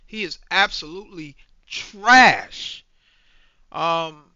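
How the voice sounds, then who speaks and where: A man's voice: on the high side, bright, forceful tone, clean tone, no room sound. A man in his forties ranting angrily in a profane, repetitive movie review. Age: 40s. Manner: ranting, profane, repeats himself. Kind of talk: angry reaction rant. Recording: dull lo-fi dry recording.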